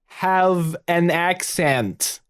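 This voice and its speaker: A man voicing an awkward young woman who speaks stiffly, halting and overly formal, putting on a poor accent. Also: sits high, clear, resonant tone, pitched above the performer's own voice.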